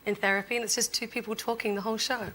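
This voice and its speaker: A woman from Perth with an Australian accent, chatting as a guest on a talk show and telling stories in a lively way, laughing as she goes. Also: fairly high pitch, racing, poor audio. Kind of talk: casual chat on a talk show.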